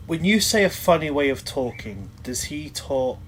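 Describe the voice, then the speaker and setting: A man's voice: on the high side, moderate pace. Man chatting casually at a game table. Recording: steady background hum.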